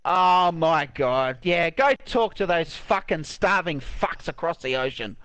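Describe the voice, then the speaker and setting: A man's voice: fairly high pitch, lively intonation, a little slow, hardly any pauses, fairly bright tone, no echo. A man ranting angrily and swearing heavily in game voice chat, repeating himself over a headset. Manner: angry, ranting, repetitive, heavy swearing. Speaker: online game player.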